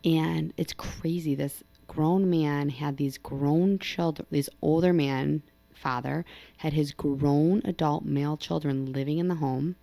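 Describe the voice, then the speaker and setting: Low, gravelly woman chatting. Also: fairly even intonation, unhurried, mellow, no room sound. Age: 30s. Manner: chatty, reacting with exclamations. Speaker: real estate agent and podcast co-host. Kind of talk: casual chat.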